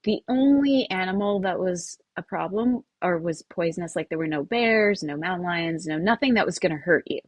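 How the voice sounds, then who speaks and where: A woman's voice: fairly low pitch, animated, normal speed, few pauses, no room sound. A middle-aged woman, a podcast guest, telling a personal story animatedly, laughing often and swearing freely. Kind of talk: casual storytelling.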